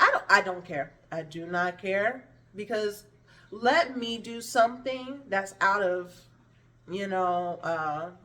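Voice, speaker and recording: A woman vlogger telling a painful personal story in a candid, blunt and animated way, swearing freely and acting out what others said. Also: mid-range voice, recorded from a distance. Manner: blunt, profane and animated, with vivid impressions of others.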